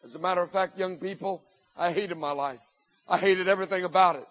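A man's voice: high-pitched, a little fast, fairly bright tone, poor audio. A man giving a motivational speech to students, telling his story emphatically with repeated lists and acted-out quotes. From Indiana. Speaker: motivational speaker at school assemblies.

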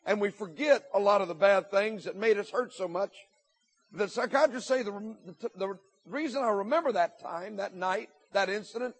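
A man's voice: sits high, slightly rough, rough recording. A man giving a motivational speech to students, telling his story emphatically with repeated lists and acted-out quotes. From Indiana. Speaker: motivational speaker at school assemblies.

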